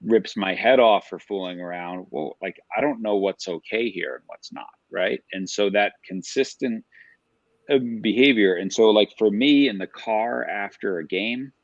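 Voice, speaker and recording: A man's voice: on the low side, normal speed, dry recording, lo-fi sound. A middle-aged man, an author and coach, explaining in an earnest, conversational way as a podcast guest. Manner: earnest, conversational, uses examples. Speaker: author and youth sports coach. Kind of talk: casual interview chat.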